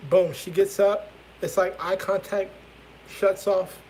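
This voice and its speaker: A man's voice: high voice, little pitch movement, takes it slowly, a little mellow, a little hiss or hum, rough recording. A young man vlogging a casual storytime from his bedroom, candid and rambling, swearing freely as he talks.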